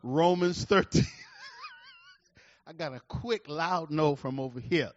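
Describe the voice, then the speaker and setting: A man in his forties preaching a sermon, calling out to the congregation and swinging between loud declarations and hushed, slow asides. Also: fairly high pitch, dull audio, slight background noise. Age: 40s. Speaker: pastor.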